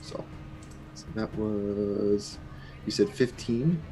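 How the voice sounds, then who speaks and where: A man's voice: fairly low pitch, extremely slow, dark tone, soft background music. A man narrating a tabletop game as game master in a casual, laughing way. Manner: casual, laughing, gestures as he describes.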